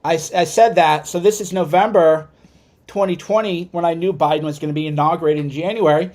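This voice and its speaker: A man ranting as a political commentator, swearing and heated, swinging between loud outbursts and low muttered asides. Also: fairly even intonation, fairly quick. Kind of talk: angry livestream rant.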